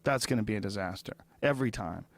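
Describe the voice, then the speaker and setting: A man's voice: fairly low pitch, lively intonation, fast, no echo. A man hosting a podcast, telling stories in a blunt, profane way in casual chat. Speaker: podcast host and comedian.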